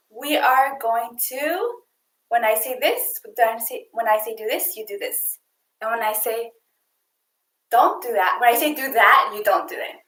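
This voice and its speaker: A young woman coach leading girls through an online exercise game, counting reps out loud in an upbeat way. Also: fairly high pitch, roomy sound, rough recording. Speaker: youth sports coach.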